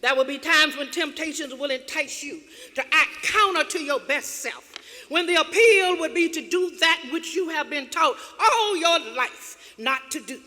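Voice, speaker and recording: A woman with a high, bright, forceful voice delivers a motivational keynote at a slow, deliberate pace. Her phrasing rides on rhythmic repetition that keeps building emphasis. Her voice rings through a reverberant auditorium with an audience faintly present. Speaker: keynote speaker. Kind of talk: motivational speech.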